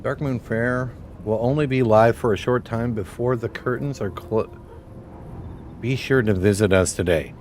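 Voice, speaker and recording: A man's voice: medium pitch, moderate pace, a little mellow, a little hiss or hum. Young male streamer, casual, foul-mouthed, joking commentary. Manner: profane, joking, off-the-cuff.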